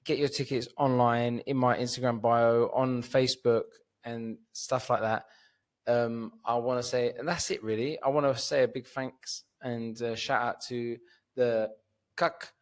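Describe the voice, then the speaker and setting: Tipsy rambling man on a podcast. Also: mid-range voice. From Cyprus. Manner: rambling, tipsy, swears freely. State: drunk and sleepy. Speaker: comedian guest. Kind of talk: casual podcast chat.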